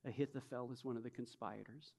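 A man preaching a sermon as pastor, emphatic, swinging from soft reflection to loud, urgent bursts and acting out imagined speakers. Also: mid-range voice, fairly even intonation, fast, gravelly. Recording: long hall reverb.

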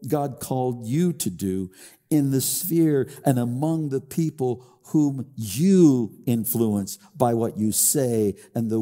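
An older male pastor delivers a sermon at an unhurried pace, his mellow, dark voice carried by a long hall reverb. He leans into key phrases with lilting, sing-song rises and often doubles his words. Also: mid-range voice.

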